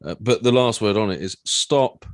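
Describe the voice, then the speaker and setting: A man's voice: fairly low pitch, animated, normal speed, no room sound, studio quality. A man hosting a podcast, joking crudely and teasing his co-hosts. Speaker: podcast host. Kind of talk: casual chat.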